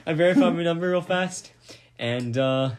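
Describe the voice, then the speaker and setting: A man hosting a podcast, casually retelling a mishap with lots of swearing and animated energy. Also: on the high side, normal speed. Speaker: podcast host. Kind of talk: casual storytelling.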